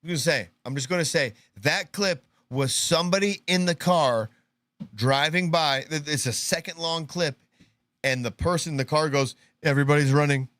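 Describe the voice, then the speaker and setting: A man's voice: fairly high pitch, moderate pace, fairly bright tone, no room sound. A male live-show host riffing on news clips with a mocking edge. His voice sits in a dry, close-miked room. He jumps into silly put-on voices to play out what he sees. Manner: sarcastic, mocking, puts on voices to act out clips. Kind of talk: casual commentary on news clips.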